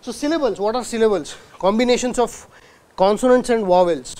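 A man's voice: sits high, a little fast, a little mellow. A man giving a university lecture in a hall, asking the audience rhetorical questions and sounding out words to demonstrate. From India.

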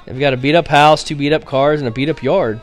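A man's voice: a little high, steady tone, fast, faint music behind, voice pushed up, natural voice. A man voicing a blunt, scornful middle-aged father in an audiobook reading. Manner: sneering, combative. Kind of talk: audiobook character voice.

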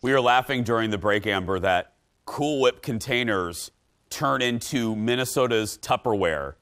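A man hosting a TV talk show, lively and quick with asides, laughing often. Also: medium pitch.

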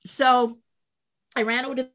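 Lively older woman telling stories. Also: moderate pace. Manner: lively storyteller who acts out voices with big jumps in pitch. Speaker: interview guest, former set designer and puppeteer. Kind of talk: animated anecdote telling.

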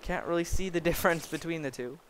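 Excitable young man narrating his gameplay. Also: a little high, quick pace, slight background noise. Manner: excitable, talks to mobs jokingly, rambling. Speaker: gaming video creator. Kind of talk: Minecraft let's play commentary.

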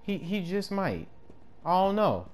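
A man giving casual gameplay commentary in slangy speech, swinging between yelling and mumbling. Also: high-pitched, very animated, unhurried. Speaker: gamer. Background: game music.

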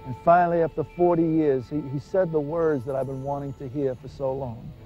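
Recounting his gangster past in an earnest testimony, the minister dramatizes the dialogue in a slightly high, mellow voice. His intonation stays fairly even and his pace runs a little fast; the lo-fi recording is dull, with faint music.

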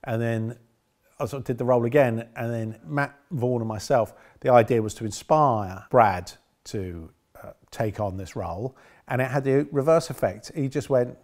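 In an interview looking back on a film he directed, a middle-aged man rambles and keeps correcting himself. His tone is darkish, his pitch medium, and his pace normal.

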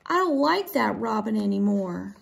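A woman's voice: medium pitch, very animated, moderate pace, creaky, breathy edge, heavily acted. A woman voicing a timid, droopy little girl who mutters her complaints in a children's story. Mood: glum. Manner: mopey and muttering.

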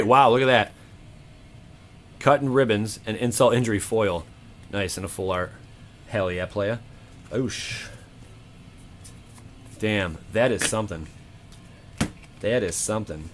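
A man hosting his own channel, opening card packs with excited, casual commentary, counting aloud and swearing freely. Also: lowish voice, unhurried, long pauses, slight background noise. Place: home room.

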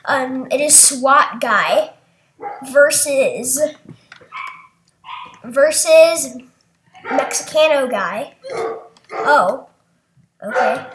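A young woman talks through an online game in a high, bright voice, taking her time between calls. She gets excitable and breaks into shrieks when she wins. The sound is roomy and echoey, with faint background noise. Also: very slow, pauses often. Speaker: gaming video creator. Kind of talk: casual game commentary.

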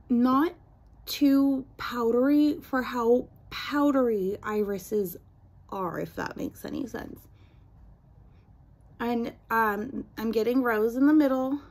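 A woman's voice: on the high side, a little mellow. A young adult woman vlogger chatting casually through a product unboxing and review, rambling with self-deprecating asides.

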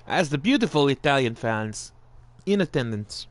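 A man's voice: fairly high pitch, sing-song, measured pace, a crowd in the background, background noise. A male host of a live-streamed wrestling game show, putting on a jokey Italian-style accent and chatting casually with viewers, with the odd swear. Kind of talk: playful live-stream commentary.

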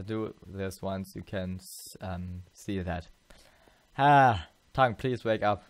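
A tired man talks through his let's play, rambling and halting, full of fillers and restarts. His voice sits a little low and sounds smooth and clean. The sound is dry and close. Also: no room sound. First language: German. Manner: rambling, halting, many fillers and self-corrections. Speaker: gameplay channel host.

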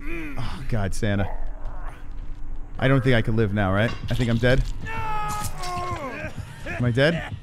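Excitable, profane man streaming a game. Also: mid-range voice, unhurried, gravelly, long pauses, background noise. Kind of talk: live gameplay commentary.

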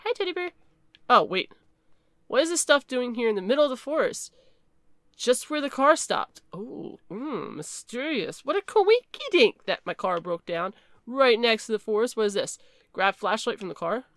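A woman giving chatty, excitable commentary while playing a horror game and reading its text aloud. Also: a little high, no room sound, studio quality. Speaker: gaming video creator.

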